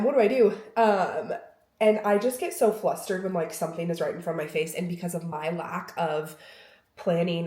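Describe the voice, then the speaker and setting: A woman's voice: on the low side, dark tone. Young woman rambling to her camera at home, jokey, acts out convos, echoey room. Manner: chatty, self-mocking, acts out little dialogues. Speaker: lifestyle vlogger. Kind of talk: rambling casual chat to camera. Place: room of a house. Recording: roomy echo.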